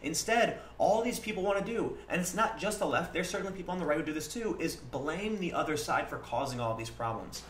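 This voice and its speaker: A livestream host speaks in earnest, casual commentary, acting out back-and-forth exchanges in conversation. His voice sits on the high side and is animated and fairly bright, moving fairly quickly with hardly any pauses. The recording has a roomy echo and faint background noise.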